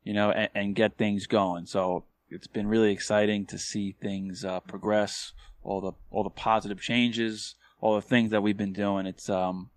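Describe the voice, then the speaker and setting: A man co-hosting a podcast, bantering in a relaxed way full of slang. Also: fairly low pitch, moderate pace, hardly any pauses, dry recording. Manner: laid-back, slangy banter. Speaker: podcast co-host. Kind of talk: casual chat.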